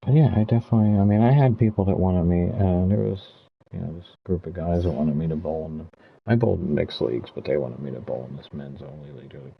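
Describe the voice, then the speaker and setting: A man in his fifties with a very low, gravelly voice, rambling on in a loose, chatty way while he plays. He laughs often and drifts between stories. The sound is dull and lo-fi, with a faint hiss underneath. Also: quick pace. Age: 50s. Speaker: gaming streamer. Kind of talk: casual chat over gameplay.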